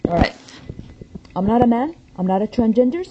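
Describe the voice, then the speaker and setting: A woman's voice: fairly high pitch, expressive, a little fast, lo-fi sound, noisy background. A woman talking straight to the camera in a rambling, agitated monologue full of swearing. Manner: profane, rambling, agitated ranting. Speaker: vlogger.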